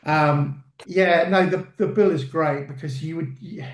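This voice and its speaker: Animated actor telling stories. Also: male voice, fairly high pitch, measured pace, roomy sound. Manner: animated storyteller, acts out quotes, many fillers. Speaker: actor, interview guest. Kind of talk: casual anecdotal interview.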